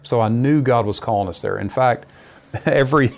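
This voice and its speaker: A middle-aged man, a missionary, telling his personal testimony in an earnest, lively conversational way. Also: mid-range voice, moderate pace, gravelly. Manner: earnest storyteller, lively retelling.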